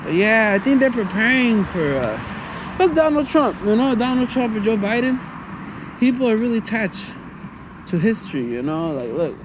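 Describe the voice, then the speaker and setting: High-voiced man rambling by a street. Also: sing-song, normal speed, background noise. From United States. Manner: loose and chatty, lots of "you know" and "man", swearing. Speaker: vlogger. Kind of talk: rambling casual monologue.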